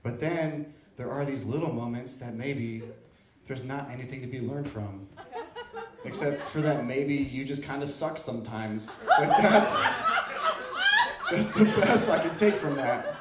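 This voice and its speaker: Self-deprecating comedian in a roomy club. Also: male voice, mid-range voice, a little slow, recorded from a distance. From Iowa. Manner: self-deprecating, playful crowd work. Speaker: stand-up comedian. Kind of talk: open-mic stand-up set.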